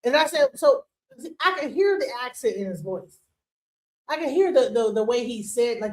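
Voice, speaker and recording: A woman's voice: fairly high pitch, lively intonation, normal speed. A woman co-hosting a livestream, talking bluntly and emphatically in casual slang. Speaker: livestream co-host. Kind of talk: casual heated chat.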